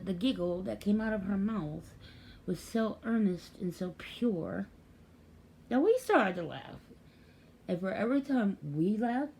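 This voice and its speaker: Older woman, grandmother type, gravelly and mellow, chatty storyteller. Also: mid-range voice, slight background noise. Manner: chatty, acts out quoted voices. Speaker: grandmother and caregiver. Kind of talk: casual storytelling vlog.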